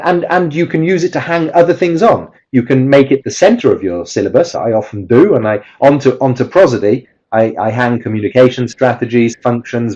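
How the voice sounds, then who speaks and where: A man's voice: medium pitch, a little mellow. A man presenting a webinar lecture on teaching pronunciation, hesitant with many fillers and restarts, heard over a video call. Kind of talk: lecture-style webinar talk. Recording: slightly dull webinar audio.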